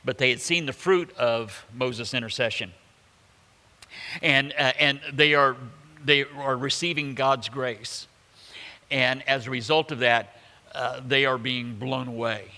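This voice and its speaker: A man preaching a sermon, his voice bright and forward. He talks in a loose, conversational way, full of "uh"s, restarts and joking asides, and his voice rings out with a long hall reverb behind it. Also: medium pitch. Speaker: pastor.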